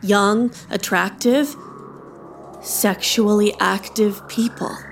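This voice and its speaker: An actress playing a vain, shallow young teacher with a snarky, self-absorbed manner. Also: female voice, mid-range voice, steady tone, slow pace, slight background noise.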